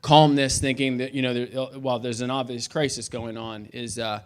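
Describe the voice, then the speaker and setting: A man speaking at a memorial service, telling a story about a friend in a halting way, with many restarts and fillers. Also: mid-range voice, little pitch movement. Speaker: friend giving a eulogy.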